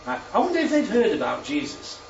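A gravelly, very high voice swoops wildly in pitch as this preacher speaks fast, drawing questions out of his congregation and repeating the answers back. The roomy hall recording is distant and muffled, with a little hiss or hum.

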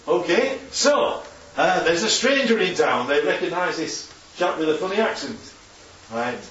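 A man with a fairly high, animated, slightly bright voice speaks a little slowly as he gives a chatty slide-based sermon to his congregation, checking in constantly with tag questions. The audio comes from an echoey hall through a distant, dull microphone.

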